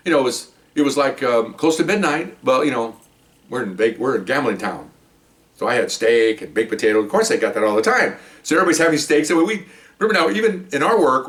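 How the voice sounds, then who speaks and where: A medium-pitched man with a fairly bright tone, a police officer, casually rambles through a long story from his work. Chatty throughout, he checks in with his listener by saying "okay?" His voice sounds a little removed from the mic.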